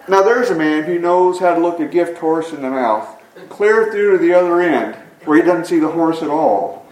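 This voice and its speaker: A man's voice: a little high, a little mellow. Earnest preacher man in an echoey room. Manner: earnest storytelling delivery. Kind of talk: sermon with scripture reading and anecdote. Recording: echoey room, mic at a distance.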